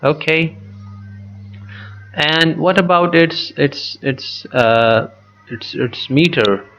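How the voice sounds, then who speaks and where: A man teaching a poetry lesson, slow and methodical, repeating words as he writes on the screen. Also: fairly high pitch, a bit bright, muffled recording, soft background music. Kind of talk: poetry lesson with a digital pen.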